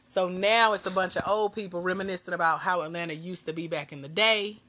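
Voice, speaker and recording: A woman's voice: on the low side, steady tone, a little fast, bright, forceful tone. A middle-aged woman from Georgia, hosting a casual livestream chat with viewers. She laughs often and calls her viewers "girl" and "y'all.". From Georgia, US South. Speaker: host.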